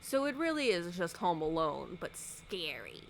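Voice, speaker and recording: A woman YouTuber giving a sarcastic, animated casual recap of a movie, acting out the characters' lines. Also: lowish voice, a little slow, vocal fry, a little hiss or hum.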